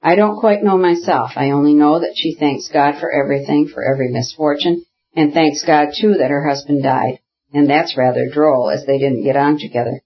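A man voicing an older, courteous aristocratic father with a dry, gently ironic manner and a husky voice. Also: a little high, fairly even intonation, normal speed. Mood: wry. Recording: dull lo-fi audiobook recording.

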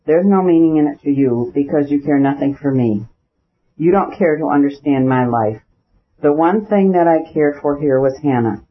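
A proud, jealous young noblewoman, put on by a male audiobook reader speaks in a husky voice, raised a little above his own. Her lines come out pleading and bitter, full of accusation. The recording is dull and lo-fi. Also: a little high, moderate pace, lightly acted. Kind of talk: audiobook reading.

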